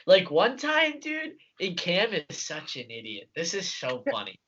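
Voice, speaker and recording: A young man co-hosting a casual podcast, laughing and animated while telling work stories. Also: high voice, a little slow. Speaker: podcast co-host. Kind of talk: casual storytelling chat. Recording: dull lo-fi podcast audio.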